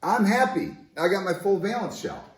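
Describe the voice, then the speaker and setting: A man's voice: sits high, animated, moderate pace, roomy sound, voice pushed up. A man voicing a smug, contented male chlorine atom, in playful classroom voice acting.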